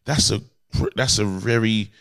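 A man's voice: on the low side, moderate pace, a bit bright. A married man, co-hosting a comedy podcast in a rambling, earnest way. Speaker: podcast co-host. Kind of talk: casual comedic chat.

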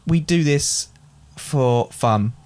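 A man's voice: mid-range voice, extremely slow, a little mellow, clear, resonant tone. A man with a mid-range voice hosts a casual podcast and rambles in a friendly way. He laughs easily and keeps the talk loose and informal. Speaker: podcast host. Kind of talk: casual chat.

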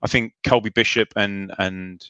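Bright-voiced man hosting a chat. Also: fairly low pitch, fairly even intonation, no echo, highs cut off. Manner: chatty, greets listeners, halting restarts. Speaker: podcast host. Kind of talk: casual football chat.

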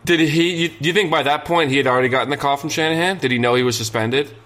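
A man co-hosting a casual podcast chat, asking relaxed follow-up questions. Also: fairly high pitch, fast talker. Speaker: podcast co-host.

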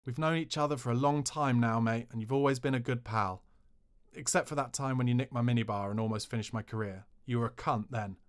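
A blunt, matey ex-footballer comes through in a plain, mid-pitched voice, as a man reads him out. He sounds prickly and a bit indignant with an old pal. Nothing about the voice is put on much. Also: fairly quick, close to an everyday voice. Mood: wry. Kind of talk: reading a memoir aloud.

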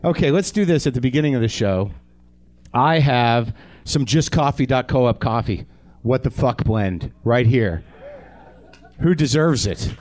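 A man's voice: medium pitch, animated, a little slow, darkish tone. A man hosting a live comedy show, doing a profane, self-deprecating stand-up rant straight to the audience from a theater stage. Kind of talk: stand-up monologue.

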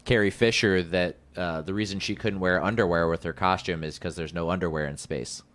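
A very low-pitched man hosting a casual podcast chat. He is talkative and jokey, wandering into asides as he goes. His voice sits deep throughout. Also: steady tone, fairly quick, fairly bright tone. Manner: chatty and joking, with rambling asides. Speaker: podcast host.

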